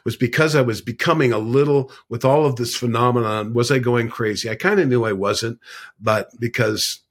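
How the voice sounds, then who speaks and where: A man's voice: mid-range voice, normal speed. An older man telling a long personal story as a podcast guest, earnest and rambling, with many fillers. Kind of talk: conversational storytelling.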